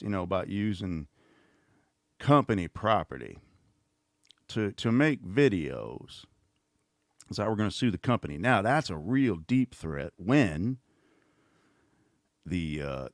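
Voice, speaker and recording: A middle-aged man rambles through a casual livestream with sarcastic, mocking asides. His voice sits very low and deep. The sound is dry and close, with no room around it. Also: sing-song, slow, long pauses, no room sound. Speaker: host.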